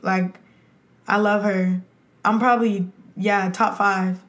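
A woman guest on a podcast, chatting excitedly and gushing with thanks, laughing often. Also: medium pitch, slow pace, very noisy. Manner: gushing, exuberant, with frequent laughs and "y'all". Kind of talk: excited casual chat. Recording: echoey room.

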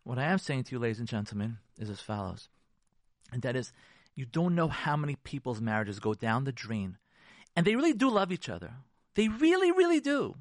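A man's voice: medium pitch, big pitch swings, brisk, dry recording, clean studio sound. A man, a rabbi, giving an emphatic radio talk on marriage. He repeats key phrases for force and drops Hebrew and Yiddish terms. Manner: emphatic and repetitive, preacherly.

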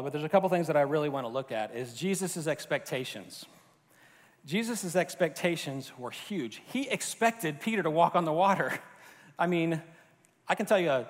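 A man from Florida preaching a sermon in a loose, conversational way, with fillers and restarts. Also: medium pitch. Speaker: pastor. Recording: long hall reverb.

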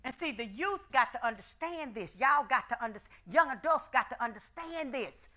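Woman pastor preaching hard, high bright voice, black speech, shouts a lot. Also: lively intonation, normal speed. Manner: shouting, call-and-response preaching. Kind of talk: sermon.

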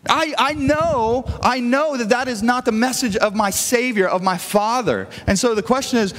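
A man's voice: extremely high pitch, moderate pace, few pauses. A male pastor preaching a sermon in a church, talking in an earnest, conversational way as he tells stories. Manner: earnest, conversational storytelling with frequent restarts. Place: church sanctuary. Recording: long reverb of a church hall.

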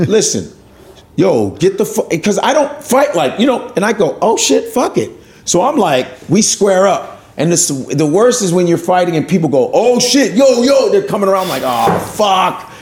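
As an interview guest, a stand-up comedian whose voice is a little high and darkish recounts a story full of swearing. He acts out the voices of the others in the tale.

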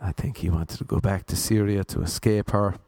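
A young Irish man telling funny anecdotes in a deadpan, sardonic way. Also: on the low side, fairly quick, dry recording. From Ireland. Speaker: vlogger. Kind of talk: casual storytelling monologue.

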